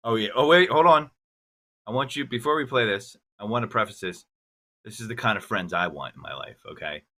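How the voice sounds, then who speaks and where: A man's voice: on the low side, animated, a little fast, pushed and bright. A man co-hosting a podcast in casual, joking banter. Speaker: podcast co-host. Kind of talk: casual chat.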